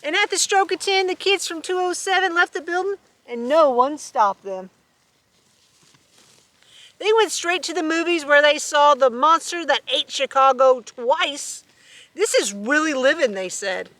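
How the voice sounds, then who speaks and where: A woman reading a children's storybook aloud, animated and chuckling with asides. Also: sits high, a little slow, no room sound. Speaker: storybook reader.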